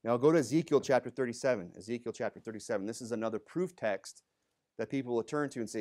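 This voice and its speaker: A man's voice: mid-range voice, quick pace. A male pastor preaching a sermon in a church, talking conversationally and reading scripture aloud in a raised voice. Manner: conversational, frequent "you know" and "okay?", reads scripture louder. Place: church sanctuary.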